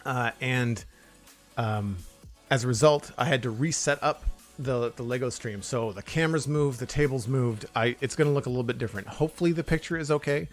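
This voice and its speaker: A friendly man talks casually through a live stream, chatty and easygoing. His voice sits at a middling pitch. Quiet music plays faintly behind him. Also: brisk. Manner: friendly, chatty, thanks supporters by name. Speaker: streamer building Lego.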